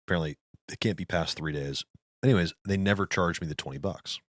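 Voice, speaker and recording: A low-pitched man tells a story in a rapid stream of casual chat, blunt and peppered with swearing. His voice sits close and dry, with no room sound around it. He rambles from point to point like a podcast guest. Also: a bit bright, dry recording.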